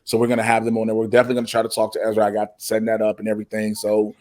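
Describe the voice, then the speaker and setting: A man co-hosting a casual TV review show, talking in an animated, slangy way and often laughing. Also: on the low side, racing, noisy background.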